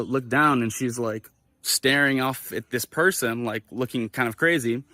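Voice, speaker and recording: A young man hosting a livestream, telling a personal story in a casual, animated way with lots of swearing and fillers. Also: medium pitch, moderate pace, no room sound. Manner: animated, profane, filler-heavy. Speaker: livestream host.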